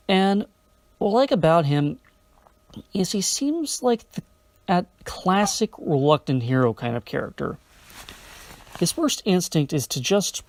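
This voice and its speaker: A man's voice: a little high, dry recording. A man giving a casual film review with enthusiastic, wry asides.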